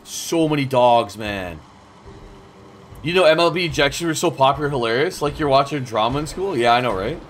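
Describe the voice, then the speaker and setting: A man's voice: medium pitch, lively intonation, a little fast, a bit bright, a little hiss or hum. A man in his thirties streaming a game, chatting casually with chat and swearing as he plays. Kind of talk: casual gameplay commentary.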